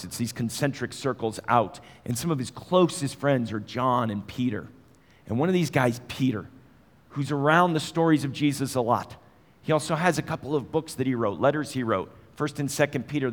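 A man's voice: mid-range voice, long reverb tail. A man preaching a sermon in a conversational way, asking his listeners direct questions. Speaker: pastor.

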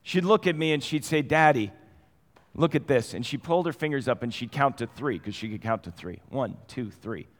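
A middle-aged man preaching a sermon, telling stories conversationally and moving between quiet and animated passages. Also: medium pitch, a little fast, hardly any pauses. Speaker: pastor. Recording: long hall reverb.

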